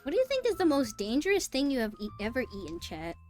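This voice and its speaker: Bubbly woman streamer, higher voice, chatty and giggly with her viewers. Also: quick pace, faint music behind. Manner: bubbly, squeals with excitement, then mutters softly. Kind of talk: casual live-stream chat, reading chat aloud.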